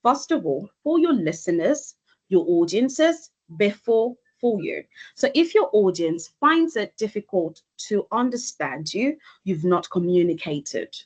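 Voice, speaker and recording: A woman elocution coach giving an online presentation over a video call, speaking deliberately and with emphasis. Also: husky. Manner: deliberate, emphatic, with lively pitch shifts.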